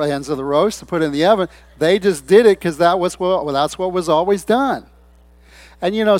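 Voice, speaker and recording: A man's voice: high-pitched, a little mellow, no echo. A man preaching a sermon in a loose, conversational way, telling stories and quoting people in different voices. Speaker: pastor.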